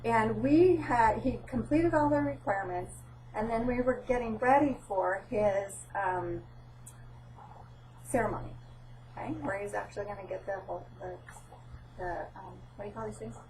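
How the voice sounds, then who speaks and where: Middle-aged woman presenter, lively storyteller who acts out dialogue; recorded from a distance in a room. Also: mid-range voice, moderate pace, slight background noise. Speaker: presenter at a training session. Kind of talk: informal training talk with personal story.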